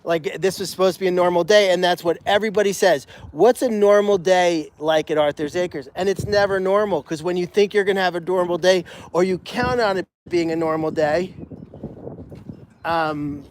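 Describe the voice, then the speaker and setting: A man's voice: high-pitched, moderate pace, slight background noise. A man who runs an animal sanctuary, chatting in a rambling, casual way on a live stream, with many restarts and fillers. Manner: rambling, frequent restarts and "you know" fillers.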